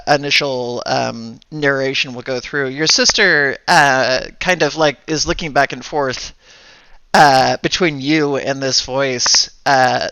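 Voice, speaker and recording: A man narrating a tabletop game as game master, halting and thinking aloud as he goes. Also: medium pitch, pushed and bright, clean tone, no echo.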